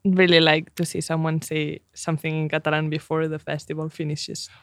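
A co-host in a casual chat, relaxed and asking questions. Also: mid-range voice, brisk, no room sound, studio quality.

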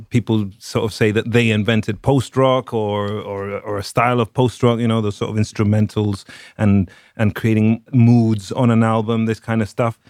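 A man's voice: lowish voice, a little mellow, clear, resonant tone, dry recording, clean studio sound. A man hosting a podcast in casual chat, rambling and enthusiastic as he talks through his thoughts. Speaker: podcast host.

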